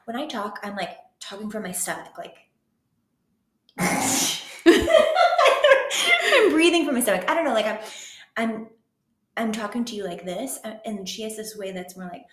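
A chatty woman co-hosting a podcast, giggling often and piling on "like" fillers. Her voice sits at a middle pitch. The sound carries the reverb of an echoey public room. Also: normal speed, pauses often. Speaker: podcast co-host. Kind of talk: casual chat. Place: public venue.

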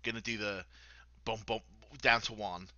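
A man's voice: on the low side, steady tone, normal speed, bright, forceful tone, no room sound, muffled recording. A man playing a tabletop game, plainly describing his character's moves. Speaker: player.

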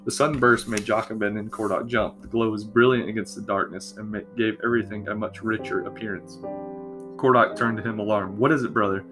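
A man narrating a fantasy story in a steady, even storytelling manner. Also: fairly low pitch, a little fast, music in the background. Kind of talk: fantasy audiobook reading.

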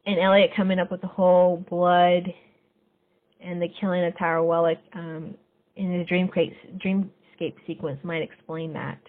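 A woman hosting a podcast, casually recapping a TV episode scene by scene and getting lively when she quotes the characters. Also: fairly low pitch, normal speed. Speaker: podcast host. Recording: phone-like narrow sound.

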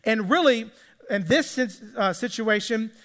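A man's voice: high voice, a little slow, fairly bright tone, big-room sound. A man preaching a sermon, retelling a story in a casual, conversational way and acting out the characters' lines. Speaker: pastor.

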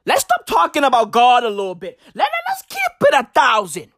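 A man voicing an older male pastor at a funeral, speaking bluntly in a booming preacher's delivery. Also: huge pitch swings, brisk, fairly bright tone, no echo, studio quality, heavily acted. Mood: blunt preaching.

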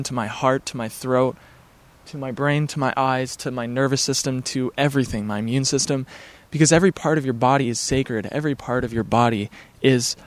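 A man in a casual vlog, talking to camera at home near his backyard, rambling in an earnest, laid-back, spiritual way with many fillers. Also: mid-range voice. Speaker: vlogger.

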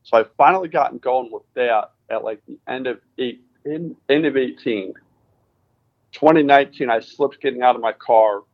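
A Connecticut man, a racing driver appearing as a guest, recounts his story in a relaxed interview, acting out the dialogue as he goes. His voice sits at a medium pitch, and the recording has a lo-fi quality. The retelling is animated, with quoted lines performed.

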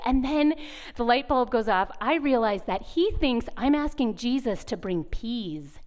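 Bright-voiced woman, thirties, retreat speaker; lively sermon storyteller who acts out the quotes. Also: a little high, measured pace.

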